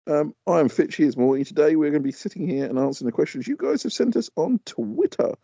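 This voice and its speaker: A man's voice: a little high, lively intonation, quick pace, gravelly, hardly any pauses, dark tone, slightly rough, no room sound. A man co-hosting a podcast in casual chat, grumbling good-naturedly about things that irritate him. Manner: chatty, grumbling about pet peeves. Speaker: podcast co-host. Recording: dull lo-fi podcast audio.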